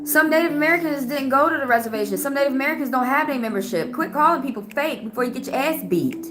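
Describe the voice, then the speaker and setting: Young female streamer, heated and confrontational, somewhat high voice, music playing under her. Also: lively intonation, echoey room. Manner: confrontational, rapid-fire rhetorical questions. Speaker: livestream host. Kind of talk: heated casual livestream rant. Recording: music playing clearly behind.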